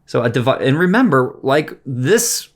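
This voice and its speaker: A man's voice: mid-range voice, sing-song, normal speed. A man co-hosting a podcast, talking bluntly and with a lot of profanity in casual political chat. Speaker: podcast co-host.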